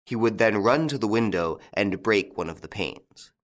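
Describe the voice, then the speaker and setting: A man reading a novel aloud as narrator, with an expressive storytelling delivery. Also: fairly low pitch, moderate pace, hardly any pauses. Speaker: audiobook narrator. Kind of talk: scripted narration.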